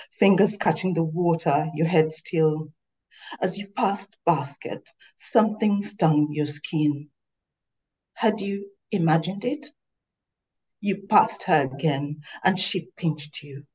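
A woman author reading aloud from her novel in a measured, literary way. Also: low voice, dark tone, low-quality recording.

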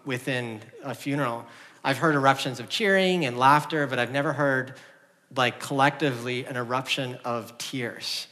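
Bright-voiced man preaching in a reverberant hall. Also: a little high. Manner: conversational, earnest, with frequent restarts and fillers. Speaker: pastor. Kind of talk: sermon. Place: church sanctuary.

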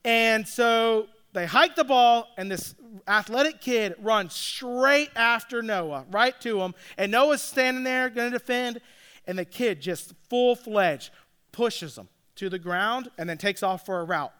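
His voice is very high-pitched, smooth, and sharp, moving at a measured pace. A dad who coaches youth flag football, he tells a story chattily and keeps checking in with listeners using "all right?" and "like."

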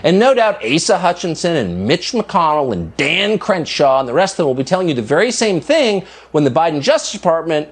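Male TV pundit, husky and sarcastic, pitch swinging wildly from line to line, broadcast clip. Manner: mocking, outraged rhetorical tone. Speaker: cable news host. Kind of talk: televised opinion monologue. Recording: broadcast clip played on a show.

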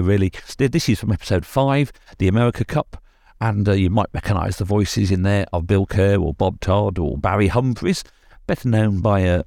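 A man hosts a podcast in a chatty, easygoing way, full of little uhs. His voice is very low with plenty of gravel and a dark, mellow tone. The sound is dry and close. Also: no room sound. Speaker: podcast host. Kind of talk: casual podcast presenting.

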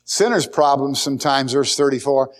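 A man preaching a sermon, reading scripture aloud and retelling the story in an animated way. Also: medium pitch, normal speed. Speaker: pastor.

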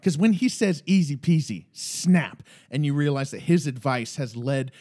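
A man co-hosting a casual podcast, animated, laughing often and talking straight to the characters. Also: mid-range voice, moderate pace. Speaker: podcast co-host. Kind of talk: casual rewatch podcast chat.

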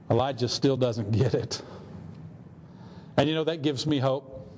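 A man's voice: medium pitch, measured pace, pauses often, darkish tone, slight background noise. A man pastor preaching a sermon, telling a story earnestly with rhetorical questions. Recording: long hall reverb, faint ambience.

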